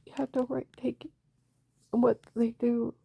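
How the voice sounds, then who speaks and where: A woman's voice: fairly high pitch, little pitch movement, measured pace, creaky, very noisy. A woman speaking in a rambling, emotional personal monologue, often dropping into a whisper.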